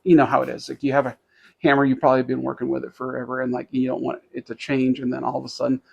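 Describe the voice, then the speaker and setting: Man podcast co-host, gravelly mid voice, rambling casual storyteller. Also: mid-range voice, completely flat delivery, rapid-fire, a little mellow, lo-fi sound. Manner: rambling, many restarts and fillers, laughs while telling stories.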